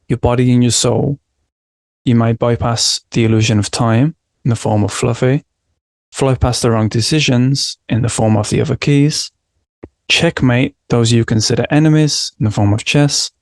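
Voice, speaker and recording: A man with a gravelly, creaky voice reads out his prepared analysis at a steady, measured pace. His delivery is reflective, and the sound is dry and close, with no room echo. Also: mid-range voice. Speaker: podcast host presenting film analysis.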